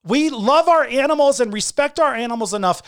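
A woman's voice: high-pitched, expressive, fairly quick, smooth. A middle-aged woman co-hosting a casual chat, speaking candidly and earnestly, often restarting her sentences.

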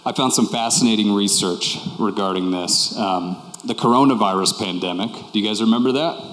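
A man's voice: lowish voice, a little fast, fairly bright tone, a little hiss or hum. A man preaching a sermon to a congregation, talking in a candid, conversational way and repeating key phrases for emphasis. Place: church hall with congregation. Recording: echoey hall with long reverb.

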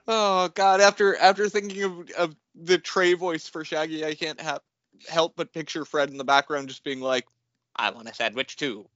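A man's voice: fairly high pitch, flat delivery, normal speed, a bit bright, no echo, dull audio. A man co-hosting a podcast, chatting casually and joking. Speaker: podcast co-host. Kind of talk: casual chat.

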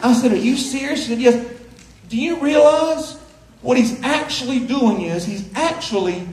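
A man preaching a sermon, folksy and playful, building to loud emphasis. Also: very high-pitched. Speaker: pastor. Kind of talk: sermon with live illustration. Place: church sanctuary. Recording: roomy church echo.

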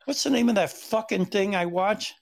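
A man's voice: high-pitched, normal speed, gravelly. A man in casual chat, telling crude rambling stories and laughing at his own jokes. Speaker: regular on a casual chat show.

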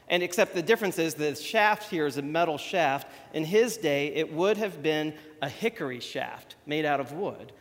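A man delivers a conversational sermon, chatty and self-deprecating. His voice sits a little high. A long reverb from a large hall trails each phrase. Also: expressive, normal speed, hardly any pauses, a bit bright. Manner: chatty, self-deprecating, shows props while talking.

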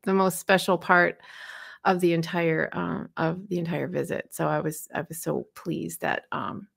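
Animated storytelling woman from Tennessee. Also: on the low side, a little slow, gravelly, breathy edge. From Tennessee, USA. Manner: animated storyteller who acts out quotes. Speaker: podcast co-host. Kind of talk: casual chat.

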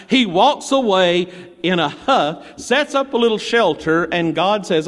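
A man's voice: high voice, lively intonation, unhurried, a bit bright, big-room sound. A male pastor preaching a sermon in a conversational storytelling way, with playful asides, in a church.

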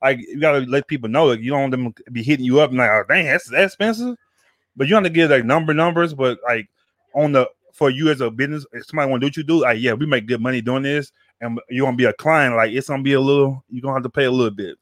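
A male podcast host with a mid-range voice chats casually at a racing pace, rambling, repeating words and using lots of slang. The sound is clean studio audio with no room sound.

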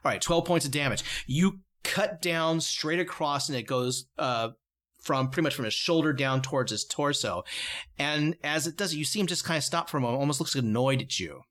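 A man's voice: medium pitch, animated, fairly quick, a bit bright. Man running a tabletop game. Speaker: game master.

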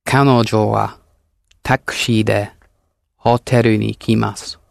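A man learning a language who answers the teacher's prompts with care. His voice has a gravelly edge and stays flat in pitch. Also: a little slow, no room sound, studio quality. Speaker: student.

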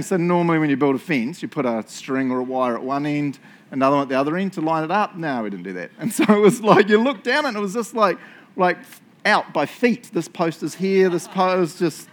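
A man's voice: fairly high pitch, animated, a little fast, slight background noise. A middle-aged man with a New Zealand accent, preaching a sermon in a casual, self-mocking storytelling way. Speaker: pastor.

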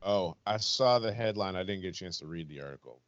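A man co-hosting a podcast, talking things through calmly in casual chat. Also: low voice, fast talker, no room sound, highs cut off. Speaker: podcast co-host.

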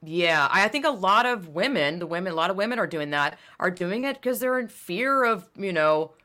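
Young woman, bright tone, blunt profane ranter in casual podcast chat. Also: lowish voice, normal speed. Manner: blunt, profane, animated ranting.

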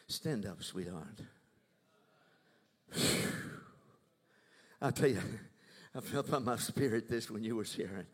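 Older preacher in a reverberant church. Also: male voice, medium pitch, expressive, a little slow, long pauses. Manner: swings from hushed asides to loud proclaiming, asks the crowd for agreement. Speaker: minister. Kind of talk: preaching to a congregation. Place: church sanctuary. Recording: long church hall reverb.

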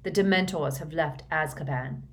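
Draco Malfoy, a woman doing a hissing boy bully. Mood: menacing hush. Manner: low, hushed and slow. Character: spiteful teenage boy bully, menacing.

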